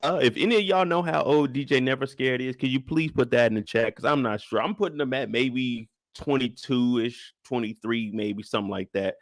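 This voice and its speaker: A young man hosting a casual live recap show, joking and profane, ranting with sudden high-pitched bursts of outrage. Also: normal speed, hardly any pauses, no echo, studio quality. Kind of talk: animated casual recap chat.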